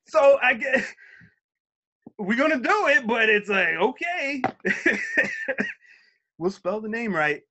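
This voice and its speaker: Man, union organizer, video call, high voice, very lively pitch, animated storytelling. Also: slow pace, long pauses, slight background noise. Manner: animated, acts out shouted quotes. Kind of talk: virtual meeting talk, storytelling.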